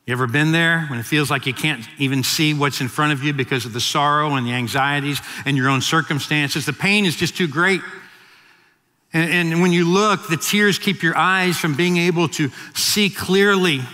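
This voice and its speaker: A male pastor in his fifties preaches a sermon, with a high, bright, ringing voice. He tells stories with frequent restarts and repeated words. The sound carries a long reverb, as in a large hall. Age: 50s.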